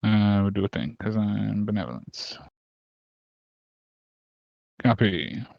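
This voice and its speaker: Low-voiced game master, muffled lo-fi sound. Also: male voice, takes it slowly, vocal fry, dry recording. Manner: relaxed, rambling with many fillers. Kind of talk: running an online tabletop game.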